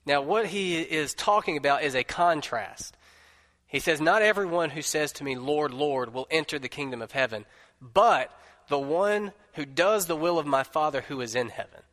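A man's voice: on the high side, moderate pace, fairly bright tone. Man preaching with emphasis in reverberant hall. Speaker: pastor. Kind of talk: sermon. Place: church sanctuary. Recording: long reverb of a large room.

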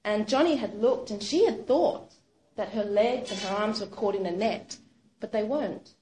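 A woman retelling a true story aloud, animated and casual, with lots of "sort of" and "like". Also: medium pitch, normal speed, slight background noise. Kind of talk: spoken storytelling. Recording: roomy echo.

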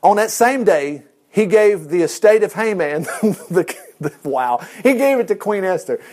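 Brief: animated Bible teacher, high-pitched man with a lively, swooping voice. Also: measured pace. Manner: animated, chuckling, chatty asides.

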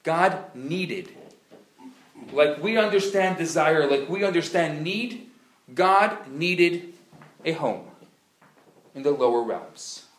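A man teaching a live class, an animated, playful storyteller who acts out the dialogue. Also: fairly high pitch, slow pace, long pauses, a little hiss or hum. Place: classroom at a community center. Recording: roomy live room sound.

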